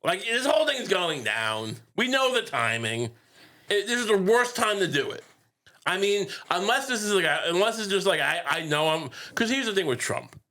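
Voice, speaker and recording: A man's voice: high voice, big pitch swings, normal speed, bright, forceful tone. A man co-hosting a podcast in casual comedic chat, rambling and joking, slipping into goofy impressions. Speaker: podcast co-host.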